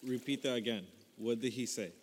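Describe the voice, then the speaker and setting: A calm, gentle male teacher, voiced by a man in a Christian skit, asking slow, quiet questions. His mid-range voice sounds distant and trails off into a long reverb. A faint noise runs underneath. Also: medium pitch, pitched below the performer's own voice, close to an everyday voice. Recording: long echoing reverb, off-mic.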